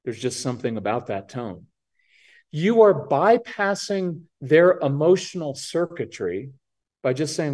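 This man, a parenting coach guesting on a podcast, speaks at a normal speed in a mid-range voice. His casual talk is lively, and he acts out what children and their parents say.

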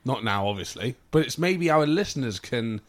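A man's voice: medium pitch, expressive, normal speed. A man co-hosting a car podcast, bantering with his friends, swearing freely and drifting off topic. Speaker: podcast co-host. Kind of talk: casual chat.

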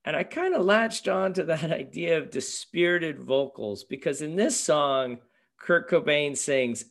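Man, host, casual chat, musing questions, unhurried delivery. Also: a little high, fairly bright tone. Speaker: podcast host. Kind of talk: casual discussion.

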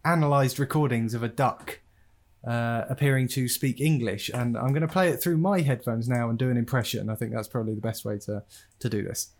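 A man's voice: mid-range voice, brisk. A man talking into a podcast microphone in a loose, chatty way. He tells stories at an easy pace and breaks into laughter often. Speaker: podcast host. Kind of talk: casual podcast chat.

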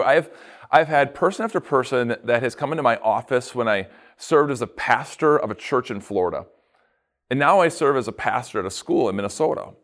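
A male pastor giving a devotional podcast talk, telling the story in an animated way and acting out quotes. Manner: animated storytelling, acts out quotes with big pitch jumps.

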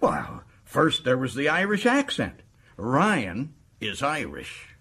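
An actor playing a boastful, folksy American prison governor in a radio drama, with an American accent. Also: male voice, medium pitch, wildly swooping pitch, slow pace, bright, forceful tone, slightly rough, exaggerated voice. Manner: boastful, folksy and self-satisfied.

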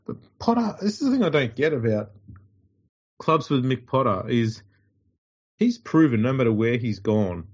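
A man's voice: mid-range voice, big pitch swings, normal speed, pauses often, slightly rough, muffled recording. A man with an Australian accent co-hosting a podcast in blunt, profane casual sports chat. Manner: blunt and profane, mocking impressions. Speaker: podcast co-host.

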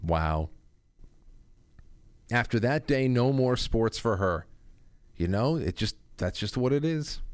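A man's voice: fairly low pitch, clear, resonant tone, dry recording. A middle-aged man hosting a casual call-in talk show, chatty and reading listener stories aloud. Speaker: radio talk show host.

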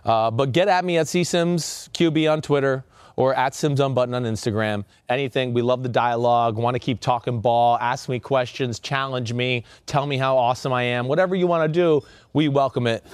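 A man's voice: medium pitch, a little fast, clear, resonant tone, no room sound, studio quality. A man in his thirties co-hosting a casual sports podcast, telling stories in a loose, easygoing way. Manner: relaxed storyteller, plugs his social media. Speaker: podcast co-host.

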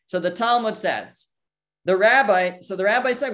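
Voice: mid-range voice, normal speed, fairly bright tone. Teacher reasoning aloud through a Torah lesson. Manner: thinks aloud, poses questions and answers them; mixes in Hebrew terms and translates them.

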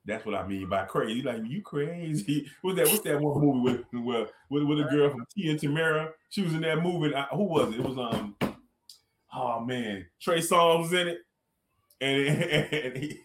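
A man with a fairly high voice tells stories in a relaxed, slangy way and laughs often. He is recorded in a roomy, echoey space. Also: moderate pace, a little hiss or hum. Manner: laid-back, laughing storyteller with slang. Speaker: guest. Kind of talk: casual chat.

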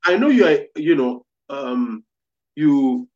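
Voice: medium pitch, expressive, slow, darkish tone, dull audio. A host on a video call, full of praise and exclamations, asking a guest questions. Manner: effusive, repeats wow and amazing. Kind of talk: casual interview.

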